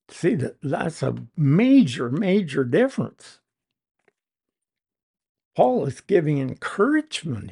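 A preacher giving an expository Bible teaching sermon, deliberate and emphatic, leaning hard on key words. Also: mid-range voice, darkish tone, breathy edge.

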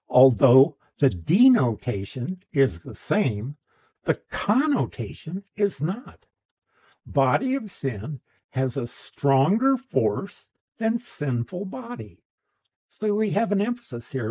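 A man's voice: fairly high pitch, very animated, slow pace, warm tone, breathy edge, rough recording. A man teaching a Bible class, explaining a verse's grammar patiently with restarts and asides.

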